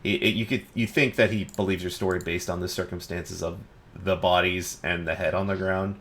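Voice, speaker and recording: A man running a tabletop game as dungeon master, narrating in a relaxed way with lots of fillers. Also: low voice, a little fast, slight background noise.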